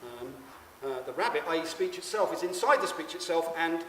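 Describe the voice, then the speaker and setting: Male stage performer, stammering absurd monologue; higher voice, distant mic, reverberant venue. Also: animated, a little fast, fairly bright tone, a little hiss or hum. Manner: rambling, stammering, addresses the audience. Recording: echoey hall, mic far off.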